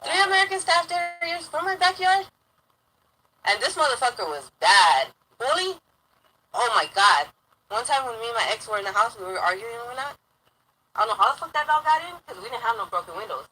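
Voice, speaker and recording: A woman's voice: a little high, big pitch swings, fairly quick, pushed and bright, slightly rough, poor audio. A young woman telling a rambling personal story in casual talk, swearing heavily and getting heated.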